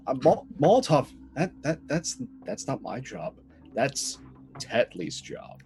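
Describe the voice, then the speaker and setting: A man's voice: mid-range voice, very animated, slow pace, gravelly, darkish tone. An upbeat man with a mid-range voice chats about his role before a tabletop game. He stumbles over his words a little, and faint music plays behind him. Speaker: player. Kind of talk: casual chat introducing himself.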